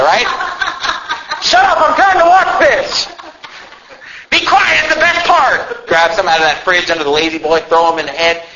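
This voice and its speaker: A man preaching a sermon in an animated way, now and then shouting mocking impressions. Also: a little high, highs cut off, a little hiss or hum. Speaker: pastor.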